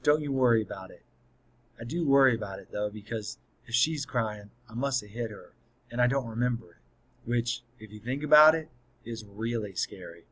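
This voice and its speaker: A man's voice: medium pitch, moderate pace, a bit bright, slightly rough, poor audio. A man narrating an audiobook in the first person, telling the story in a plain, earnest way.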